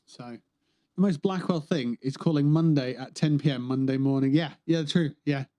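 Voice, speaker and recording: A man's voice: a little high, normal speed, dark tone. A man on a gaming livestream, chatting casually, rambling and joking, swearing freely. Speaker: streamer.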